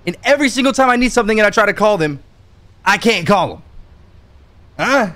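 A man's voice: high-pitched, lively intonation, brisk, pushed and bright. A man streaming a game, bragging and joking with his chat while jumping around and getting out of breath. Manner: boastful and joking, talking straight to chat. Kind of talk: casual live-stream game commentary.

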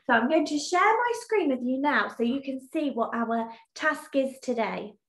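A woman teacher reading a storybook aloud in an expressive, sing-song way, then explaining a task in an online lesson. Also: high voice, moderate pace. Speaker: primary school teacher. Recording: echoey room.

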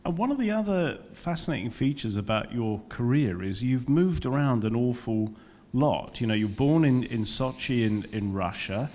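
A man's voice: medium pitch, expressive, moderate pace, darkish tone. A man hosting a live interview on stage, asking fluent, enthusiastic questions. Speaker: interviewer, host. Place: museum event hall, live audience. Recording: long reverb of a large hall.

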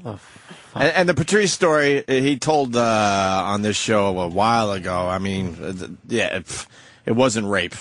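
A male radio host chats casually and puts brisk questions to a guest. His voice sounds dry and close to the mic, with no room around it. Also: fairly low pitch, a bit bright, no echo. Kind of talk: casual chat.

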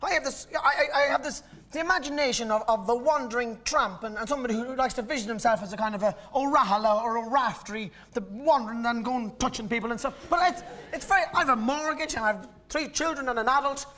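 A man's voice: extremely high pitch, fast, hardly any pauses, bright, forceful tone. A man in his thirties with an Irish accent, performing live stand-up on stage, telling stories in a rambling, self-interrupting way. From Ireland. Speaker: stand-up comedian. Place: stage in a live comedy venue.

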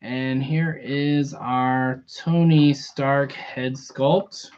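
A man live-streaming a toy unboxing in a relaxed, chatty way, greeting viewers by name. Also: medium pitch, extremely slow, dull audio. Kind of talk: casual live-stream chat.

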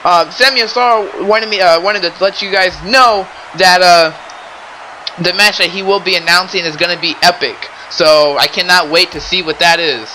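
A young man doing excitable play-by-play wrestling commentary, often exclaiming and addressing the audience. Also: high-pitched, moderate pace, slight background noise, rough recording. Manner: excitable, keeps exclaiming and saying ladies and gentlemen.

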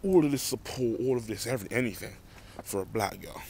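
A man's voice: lowish voice, expressive, a little fast, creaky, darkish tone, slight background noise. A young man, rambling and ranting animatedly to a handheld phone while walking home outdoors at night. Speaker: vlogger. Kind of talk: late-night rant to camera. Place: outdoors at night, walking through a car park.

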